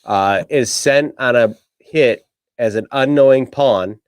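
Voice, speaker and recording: A man's voice: mid-range voice, slow pace, smooth, dry recording. A man co-hosting a podcast, chatting casually and recapping a film with lots of swearing and joking. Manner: profane, joking, recaps plots. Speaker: podcast co-host. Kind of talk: casual chat.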